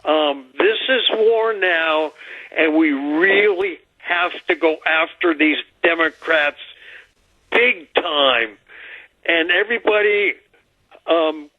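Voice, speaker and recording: A male radio caller speaks very slowly with an angry edge. His raised voice comes down a dry, tinny phone line. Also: a little high, no room sound. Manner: slow, angry. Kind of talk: radio call-in.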